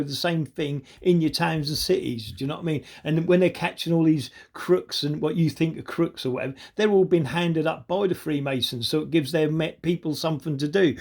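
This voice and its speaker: A man's voice: on the high side, creaky, darkish tone. A man delivering an angry, sweary monologue, constantly asking "do you know what I mean". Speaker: video commentator. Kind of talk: ranting monologue.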